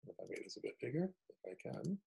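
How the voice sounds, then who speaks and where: A man's voice: medium pitch, huge pitch swings, quick pace, gravelly, dark tone, slight background noise, poor audio. A man, a rabbi, giving a chatty online Torah lesson over a video call, thinking aloud as he works through the text on a shared screen. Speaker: rabbi teaching a weekly Torah class.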